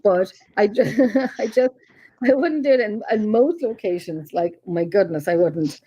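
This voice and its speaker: A middle-aged woman with an Irish accent, a paranormal researcher telling stories in a casual interview chat, animated and quick to laugh. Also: medium pitch, breathy edge. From Ireland. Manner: animated storyteller, laughs often, acts out quotes.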